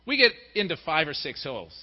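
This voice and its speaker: Animated middle-aged male pastor preaching. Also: on the high side, fairly quick. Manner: lively, acts out quoted voices. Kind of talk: sermon. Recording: dull recording in a reverberant hall.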